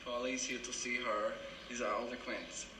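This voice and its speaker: A man's voice: medium pitch, flat delivery, a little fast, noisy background, close to an everyday voice. An actor playing a flamboyant male art gallery clerk, talking in a made-up foreign accent with formal, mangled English. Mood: prim, fussy. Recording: roomy film soundtrack with ambience.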